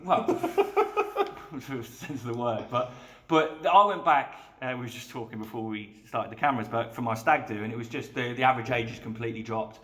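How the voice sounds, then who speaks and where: A man in his thirties, a bartender guest telling lively anecdotes in a casual chat and acting out the quotes. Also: medium pitch, echoey room. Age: 30s. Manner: rapid, lively anecdotes with acted-out quotes and frequent laughs.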